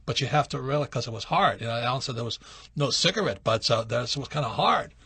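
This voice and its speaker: A man's voice: medium pitch, fast, husky, dry recording. A man hosting a radio call-in show, telling stories from his youth in a casual storytelling way. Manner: storytelling, animated when acting out quotes. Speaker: radio show host answering questions.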